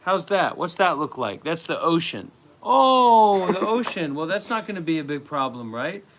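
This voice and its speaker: Brief: fairly high-voiced man, profane mock-guru livestream rant, faint background hum. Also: lively intonation, normal speed, fairly bright tone.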